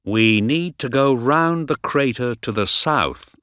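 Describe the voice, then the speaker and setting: A man reading an audiobook voices a calm, steady male traveler. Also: medium pitch, slow pace, clean tone, no room sound, clean studio sound.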